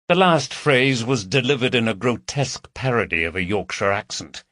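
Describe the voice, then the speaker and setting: Male audiobook narrator, expressive, bright tone, dry close sound. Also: mid-range voice, moderate pace, few pauses, dry recording.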